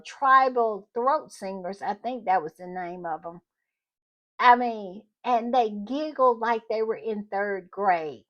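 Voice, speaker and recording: A woman's voice: medium pitch, muffled recording. A woman hosting a casual commentary vlog, chatty and gushing, talking straight to her viewers. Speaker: channel host.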